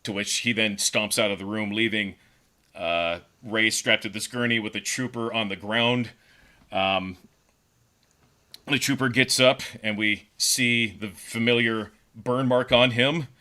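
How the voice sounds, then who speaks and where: A man on a podcast pitches a story casually, rambling with frequent fillers and restarts. His voice is on the low side. It has a bright, forceful edge. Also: steady tone, measured pace. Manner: rambling, with many fillers and repeated words. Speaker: podcast co-host.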